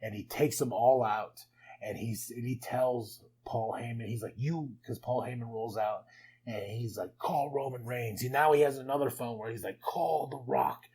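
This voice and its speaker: A man hosting a podcast, recapping wrestling in a casual, excitable way with frequent laughs and chatty asides. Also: mid-range voice, normal speed, a little hiss or hum, rough recording. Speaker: podcast host.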